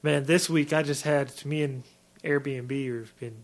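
A man's voice: mid-range voice, fairly even intonation, a little slow. A laid-back man co-hosting a casual podcast chat who says "man" a lot and laughs easily. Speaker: podcast co-host.

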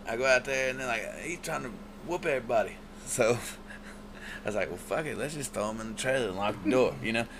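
A man's voice: medium pitch, quick pace, noisy background. A man, a musician guest telling laid-back, profane stories in casual chat.

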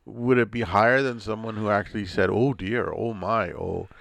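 A man's voice: on the low side, fairly even intonation, normal speed, gravelly, a bit bright. A man, the host's son, chatting earnestly on a podcast and insisting on proper, polite language. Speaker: podcast co-host. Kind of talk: casual chat.

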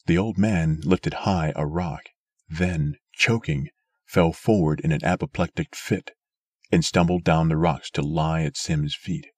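Deep husky male storyteller. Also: dry recording. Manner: steady, measured storytelling. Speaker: narrator. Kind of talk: scripted audiobook narration.

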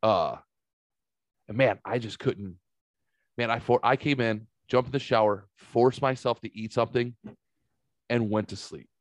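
A man in his forties, a podcast host telling casual stories in an animated way, swearing freely and jumping higher when excited. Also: a little slow, pauses often, dry recording. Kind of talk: casual storytelling chat.

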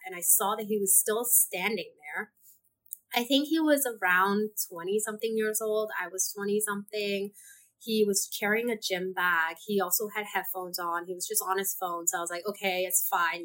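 A young woman from Hong Kong, a podcast guest telling a story in a lively, casual way and laughing often. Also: mid-range voice. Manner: animated, laughs often, acts out her own thoughts.

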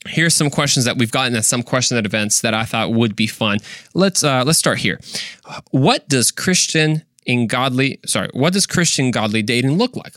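A man's voice: mid-range voice, expressive, moderate pace, fairly bright tone, no room sound, clean studio sound. A young adult man hosting a faith podcast, earnest and casual, firing off rhetorical questions and slang. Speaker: podcast host.

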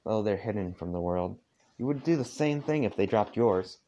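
A man voicing a hot-tempered teenage boy in a rough put-on Southern US accent. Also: fairly low pitch, animated, moderate pace, mellow, lo-fi sound, slight background noise. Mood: furious.

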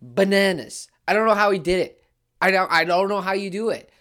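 A woman runs a solo sports podcast, ranting with excitement and emphasis while circling back to the same key phrases. Her voice is mid-range and her pace quick.

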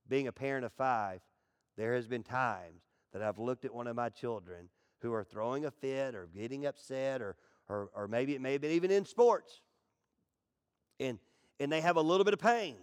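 A middle-aged male pastor preaching a dramatic sermon, swinging from loud, pleading outbursts to hushed asides and acting out whiny voices. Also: mid-range voice, animated, moderate pace. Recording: long hall reverb.

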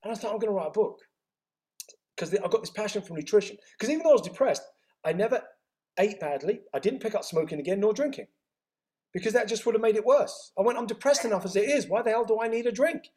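Animated man telling a story. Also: sits high. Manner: animated, acts out dialogue with quick reported speech. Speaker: interview guest. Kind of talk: storytelling in conversation.

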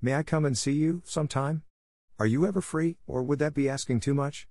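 A man's voice: on the high side, fairly quick, a little mellow, no echo, studio quality, pitched above the performer's own voice, lightly acted. A man reading the part of an earnest young playwright who asks passionate, searching questions. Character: earnest young male playwright, idealistic and easily stirred. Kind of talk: audiobook character reading.

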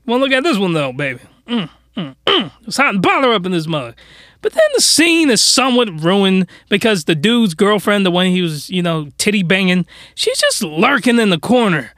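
A man hosting a podcast, giving rambling, animated, comedic commentary. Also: high voice, moderate pace, no echo, clean studio sound. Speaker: podcast host.

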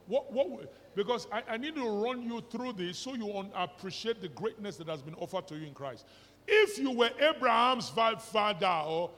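A man's voice: high-pitched, fairly bright tone. A middle-aged man with a Nigerian accent preaching a sermon, mixing pidgin and English and firing rhetorical questions at the congregation. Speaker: pastor. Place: church hall. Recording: reverberant church hall recording.

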